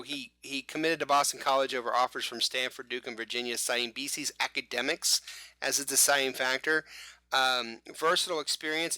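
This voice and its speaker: A man's voice: medium pitch, sharp tone, smooth, dry recording. A man hosting a casual sports podcast, leading the chat with jokey asides. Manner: leads the talk, jokey asides. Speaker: podcast host.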